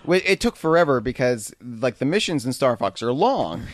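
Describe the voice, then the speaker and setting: A man's voice: medium pitch, big pitch swings, normal speed, no echo, studio quality. Joking male podcast co-host. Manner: joking interjections. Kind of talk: casual chat.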